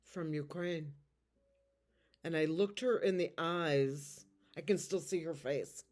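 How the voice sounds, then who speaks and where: Woman, tarot reader, low voice, slow, tearful, halting, emotional storytelling. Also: a little mellow. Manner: halting, emotional, near tears. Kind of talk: casual storytelling to viewers.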